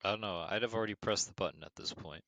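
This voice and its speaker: Deep-voiced, dry-witted man co-host. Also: very fast, fairly bright tone, dry recording. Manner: dry, skeptical, teasing. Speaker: podcast co-host. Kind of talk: casual podcast chat.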